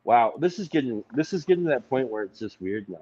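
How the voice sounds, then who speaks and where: A man's voice: mid-range voice, lively intonation, quick pace, warm tone, slightly rough. A man co-hosting a livestream, chatting casually in a joking, rambling way. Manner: joking, rambling, laughs often. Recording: muffled lo-fi audio.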